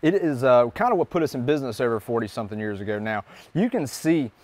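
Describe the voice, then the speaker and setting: A polite, enthusiastic Southern-accented man from Savannah as a candy guest on a studio set, with a mid-pitched voice. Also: expressive, quick pace, a little mellow, dry recording. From Savannah, Georgia. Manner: enthusiastic, polite, often says "yes, sir". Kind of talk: product demonstration.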